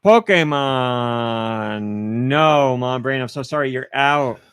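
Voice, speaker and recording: A man's voice: medium pitch, slow, fairly bright tone, clear, resonant tone, no room sound. A man hosting a casual podcast, running a guessing game with playful teasing. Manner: playful, teasing quiz-master. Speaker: podcast host.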